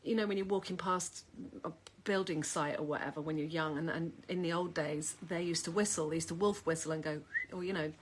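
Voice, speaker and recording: A woman's voice: fairly low pitch, fairly even intonation, fairly quick, fairly bright tone, slight background noise. Chatty woman rambling at home. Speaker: vlogger. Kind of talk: casual chat to camera.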